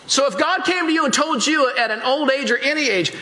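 A pastor giving a casual, animated sermon, acting out scenes from the Bible in different voices. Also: male voice, very high-pitched, fast, few pauses, reverberant, poor audio.

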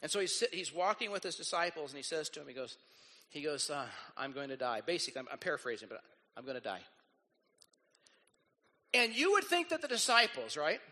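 A man preaching with a high, bright voice, animated and quick to act out the people in his story. His sermon rings through a large hall with a long reverb. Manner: animated, acts out quoted voices. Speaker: pastor.

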